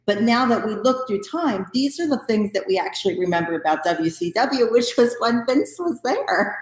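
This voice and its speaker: A woman's voice: fairly high pitch, lively intonation, moderate pace. A woman hosting an interview who chats casually and asks long, rambling questions. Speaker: podcast host. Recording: roomy echo.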